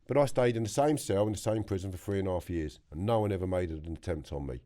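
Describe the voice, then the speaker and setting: Deep-voiced blunt London man. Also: quick pace, mellow. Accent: London English. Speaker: podcast guest. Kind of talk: blunt storytelling in conversation. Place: podcast studio.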